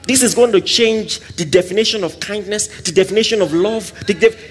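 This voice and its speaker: A man preaching a sermon, swinging between loud exclamations and soft asides and acting out little scenes. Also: high-pitched, a little fast, few pauses, a little hiss or hum. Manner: acts out little scenes with quoted voices and laughter.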